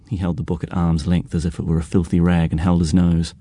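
A man reading a novel aloud in a measured, even storytelling voice. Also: low voice, dry recording, studio quality. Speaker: audiobook narrator. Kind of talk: scripted narration.

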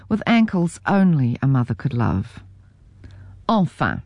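Wry low-voiced New woman narrator. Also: darkish tone, no echo, studio quality. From New Zealand. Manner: wry, self-mocking storytelling. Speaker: memoir narrator. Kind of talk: audiobook memoir reading.

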